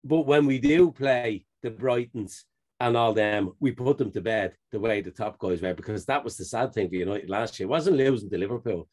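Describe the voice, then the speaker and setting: A man co-hosting a casual podcast, chatting with friends and telling animated stories, laughing often and acting out what others said. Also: lowish voice, normal speed. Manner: animated storyteller, laughs often, acts out quotes. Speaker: podcast co-host. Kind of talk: casual banter among friends.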